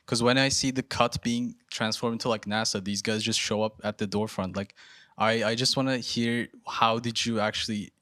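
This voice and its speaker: A young man from the audience asking a question, halting and hesitant as he speaks. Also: on the low side, steady tone, bright, forceful tone, no room sound, clean studio sound. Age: young adult.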